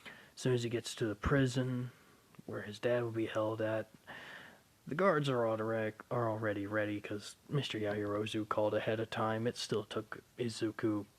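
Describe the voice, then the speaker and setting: A hoarse man with a sore throat casually narrating a fan story in a rambling, loose way. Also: on the low side, steady tone, moderate pace.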